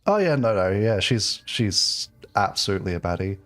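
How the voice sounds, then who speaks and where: A man's voice: on the low side, very animated, normal speed, fairly bright tone, faint music behind. A man with an English accent chatting casually with his live-stream audience while playing, rambling with lots of fillers and restarts. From England. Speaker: game streamer.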